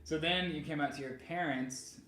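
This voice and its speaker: A man co-hosting a vlog, chatting excitedly and speaking straight to the viewers. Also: a little high, normal speed, a little hiss or hum. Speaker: vlogger, co-host. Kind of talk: casual chat. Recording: echoey room.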